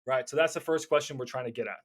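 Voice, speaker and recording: A young man teaching casually about cold calling, acting out both sides of phone calls in lively voices. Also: medium pitch, very fast, a little hiss or hum. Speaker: real estate wholesaling coach.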